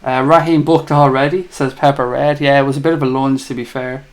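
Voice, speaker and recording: A man's voice: mid-range voice, little pitch movement, a little fast. A man with an Irish accent hosting a live fan chat show, reading out viewer comments and bantering in a chatty, teasing way. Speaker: livestream host.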